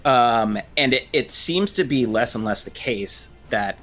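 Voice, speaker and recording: Bright-voiced hesitant male therapist. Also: medium pitch, expressive, measured pace. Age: 30s. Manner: hesitant, many restarts and fillers. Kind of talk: casual discussion.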